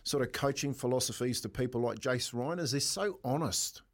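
A man's voice: mid-range voice, a little fast. Kiwi breakfast radio guy, rambly and chatty, keeps restarting sentences. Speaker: radio breakfast show host. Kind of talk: casual radio banter.

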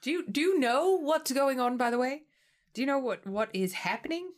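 Brief: woman doing a prissy, genteel tabletop heroine, higher and brighter than her own voice, formal and flustered. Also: expressive, moderate pace. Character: prim, overly polite woman adventurer.

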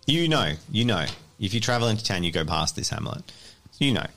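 A man's voice: lowish voice, sing-song, brisk, creaky, fairly bright tone. A man narrating as game master of a tabletop game, rambling and hedging with fillers.

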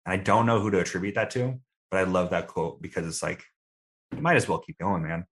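A man's voice: low voice, fairly quick, a bit bright. A young adult man answering interview questions in a casual, thoughtful, self-deprecating way. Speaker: guest.

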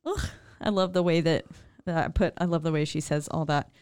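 A woman co-hosting a podcast, recapping a horror film in animated, casual chat and quoting the characters. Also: deep voice, clear, resonant tone, no echo, studio quality. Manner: animated, swearing, quick to quote characters. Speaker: podcast co-host.

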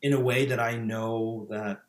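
A man in his thirties talks casually as a podcast guest. He reflects out loud, restarting phrases and leaning on fillers. His mid-range voice sits in a noticeably echoey room. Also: medium pitch, fairly even intonation, unhurried. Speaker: podcast guest, former pastor. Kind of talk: casual conversational interview.

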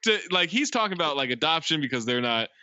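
A man's voice: on the high side, big pitch swings, quick pace, sharp tone, dry recording, lo-fi sound. A man co-hosting a podcast, recapping a film's plot in casual chat and quoting its lines. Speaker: podcast co-host.

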